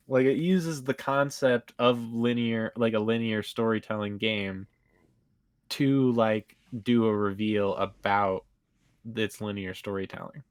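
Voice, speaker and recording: A man's voice: medium pitch, fairly even intonation, a little slow, no room sound. Man chatting casually about games, dry sound. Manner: rambling, fills with "like". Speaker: co-host. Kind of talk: casual gaming chat.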